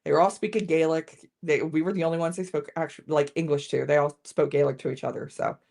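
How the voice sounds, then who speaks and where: A woman with a slightly low voice chats through a live whiskey tasting from home. She talks casually to her viewers and often trips over the start of her sentences. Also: fairly even intonation, quick pace, vocal fry, darkish tone. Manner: chatty, restarts sentences often, greets viewers. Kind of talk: casual live-stream chat.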